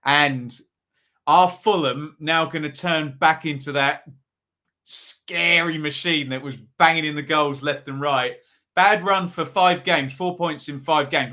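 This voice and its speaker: A man's voice: fairly high pitch, pushed and bright. A man hosting a live football predictions stream, chatting casually and reading out viewers' comments. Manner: chatty, upbeat, reads out chat comments.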